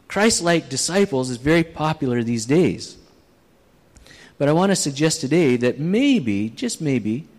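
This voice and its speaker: A man preaching a sermon to a live congregation, in a conversational, plain-spoken way with frequent restarts. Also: on the high side. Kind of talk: sermon with audience exercise. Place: church hall with audience. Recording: long hall reverb.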